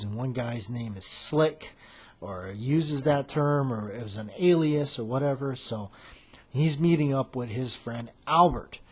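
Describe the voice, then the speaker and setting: A man's voice: medium pitch, slightly rough. A man hosting a podcast in casual chat, rambling as he retells film scenes. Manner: rambling, loosely acting out quoted lines. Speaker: podcast host.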